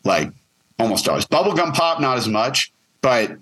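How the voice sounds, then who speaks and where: A man's voice: mid-range voice, big pitch swings, moderate pace, a bit bright, husky. A man who co-produces the podcast, joining as its guest for a casual, joking, rambling chat. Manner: rambling, self-correcting, joking.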